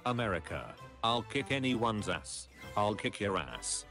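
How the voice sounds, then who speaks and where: A man with a lowish voice reads meme captions aloud on a casual stream, his pitch swinging widely as he delivers each joke. Music plays clearly behind him. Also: a little slow. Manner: reads captions aloud, drops into deadpan low voices for punchlines. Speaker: streamer reading memes aloud.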